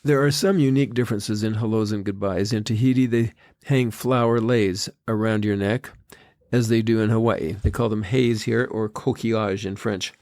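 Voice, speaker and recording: An older man hosting a podcast, telling stories in a gentle, unhurried devotional talk. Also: lowish voice, fairly even intonation, dry recording, clean studio sound. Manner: gentle, unhurried storytelling with quoted foreign phrases. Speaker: podcast host. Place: Tahiti.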